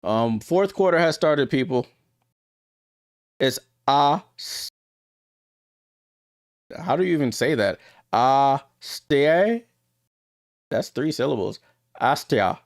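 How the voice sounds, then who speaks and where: With a highish, gravelly voice, lively intonation, and a slow pace broken by long pauses, a man runs a live watchalong, talking straight to his viewers and calling the action casually. Big plays make him louder; the audio is clean studio sound with no room echo.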